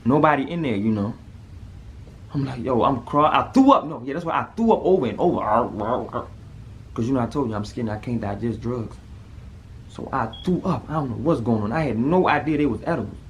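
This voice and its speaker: A man tells a personal story straight to camera. His delivery is casual and animated, and his voice jumps sharply higher when he acts out moments of panic. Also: brisk, a little hiss or hum. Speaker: vlogger telling a personal story.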